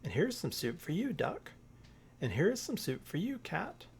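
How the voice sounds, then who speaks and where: A man reading a storybook aloud, voicing an eager, excitable little bear cub. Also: high-pitched, normal speed, vocal fry, voice pushed up, heavily acted. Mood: cheerful.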